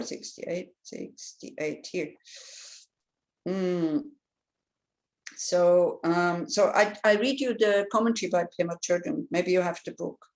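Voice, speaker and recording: A woman's voice: on the low side, gravelly, low-quality recording. A middle-aged woman, a Buddhist nun, giving a conversational dharma teaching with asides and acted-out inner voices. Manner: animated, acts out inner voices.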